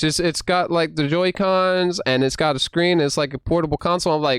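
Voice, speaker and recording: A man casually rambling through a story about game consoles, full of fillers and restarts, jumping into loud high bursts when he acts out his old amazement. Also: quick pace, few pauses, smooth, no room sound. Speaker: gaming vlogger.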